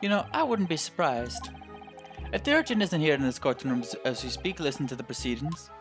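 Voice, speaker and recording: A man voicing a nervous male witness with a put-on Scottish accent, halting and repeating his words, with rustic old-fashioned phrasing. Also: a little high, big pitch swings, music in the background. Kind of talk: game voice-acting playthrough.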